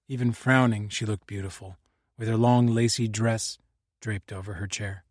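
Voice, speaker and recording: Dry measured male audiobook narrator. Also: on the low side, steady tone, no echo. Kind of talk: scripted narration.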